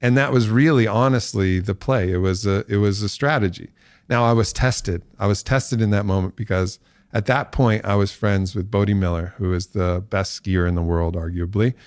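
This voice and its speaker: A man's voice: on the low side, normal speed, darkish tone, dry recording, studio quality. A man as a podcast guest, telling a long story and acting out the voices of people he quotes.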